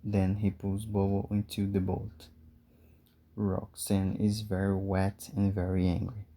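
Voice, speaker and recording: Male narrator for learners, simple storybook reading, very dark mellow voice, low. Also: monotone. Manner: simple, clear, measured.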